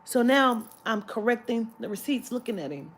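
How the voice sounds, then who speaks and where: A woman's voice: on the high side, normal speed, husky. Brief: woman vlogger, storytime, swearing freely, exasperated, phone-camera sound. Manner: animated, profane, exasperated storytelling. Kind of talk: storytime vlog. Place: shopping area.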